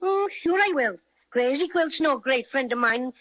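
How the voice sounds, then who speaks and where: A woman's voice: high voice, animated, normal speed. A woman voicing a small, friendly male teddy bear with a playful Irish-flavored lilt, in a radio play on a dull lo-fi recording. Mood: kindly, coaxing.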